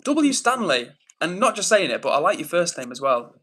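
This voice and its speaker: A man's voice: on the high side, big pitch swings, normal speed, a bit bright. A young Englishman hosting a live stream, reading out viewer comments and greeting each person by name in a friendly, casual way. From England.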